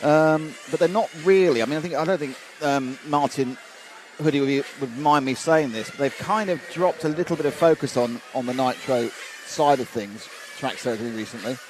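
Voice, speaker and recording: Speaking at a normal speed with a medium-pitched voice, a man commentates live on an RC car race. He chats casually and reads out viewer messages with asides, and the trackside recording is noisy with engines and ambience.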